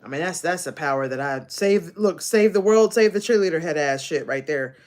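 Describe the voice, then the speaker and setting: Animated, laughing woman streamer. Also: low-pitched, a little fast. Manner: laughs often, profane and animated. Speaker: live streamer. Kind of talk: casual live stream chat.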